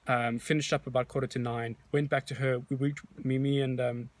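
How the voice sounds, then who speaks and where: A man's voice: mid-range voice, brisk, dry recording. A man, a real estate agent, casually tells a story in a vlog, rambling and restarting as he talks. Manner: animated, rambling retelling with many restarts.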